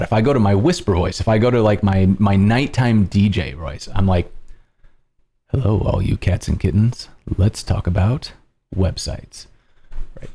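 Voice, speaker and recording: Man host, lowish voice, projecting a big outdoor presenter voice, chatty and full of ums, close compressed studio mic at home. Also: a little mellow. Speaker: livestream host. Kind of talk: casual explanatory talk. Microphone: studio dynamic microphone with compression.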